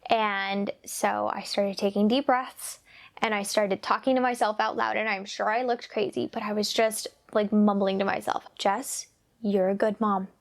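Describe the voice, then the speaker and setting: A woman's voice: mid-range voice, fairly even intonation, moderate pace, creaky. A young woman talking casually and earnestly as a parenting vlogger, confiding and repeating phrases for emphasis. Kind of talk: casual personal talk to camera.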